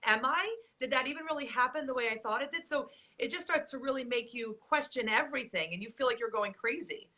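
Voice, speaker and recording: A woman hosts a relaxed interview and recounts her past in an earnest, steady manner. Her voice is a little high and very bright, with a crisp edge. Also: quick pace, hardly any pauses. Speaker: host. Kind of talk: casual interview.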